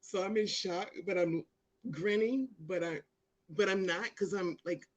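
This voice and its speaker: A woman hosting her own live show, chatting casually to viewers and telling a story, acting out the people in it with big jumps in voice. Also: unhurried. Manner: animated storyteller, acts out quotes with big pitch jumps.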